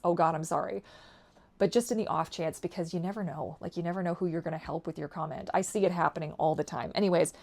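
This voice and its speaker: A young woman from Canada talking candidly to camera in a rambling vlog, swinging from quiet asides to loud ranting and swearing. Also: on the low side. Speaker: vlogger.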